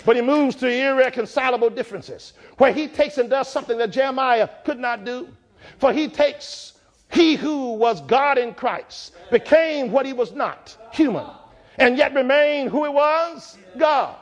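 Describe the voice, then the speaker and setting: High-voiced preacher building to shouts. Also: male voice, lively intonation, a little slow. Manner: rhythmic, building to shouted climaxes. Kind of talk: sermon.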